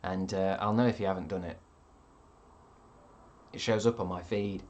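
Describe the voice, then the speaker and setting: A man's voice: low voice, steady tone, normal speed, a little mellow. A man streaming live, reading out chat with rambling dry jokes and lots of ums.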